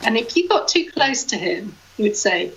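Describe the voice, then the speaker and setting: A woman's voice: on the high side, very animated, normal speed, creaky, fairly bright tone, muffled recording, slight background noise. A woman co-hosting a local podcast in casual chat, a chatty storyteller who laughs easily. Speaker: podcast co-host.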